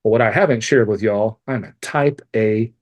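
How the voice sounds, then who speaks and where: A life coach in his forties, guesting on a podcast, relates a personal story at a moderate pace in a lowish voice. He doesn't hold back on profanity, stays animated, and teases himself throughout his candid account.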